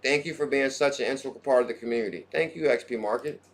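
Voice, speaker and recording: A man hosts a crypto livestream, chatting excitedly and casually at a quick pace in a mid-range voice. He jumps from topic to topic and greets chat viewers by name.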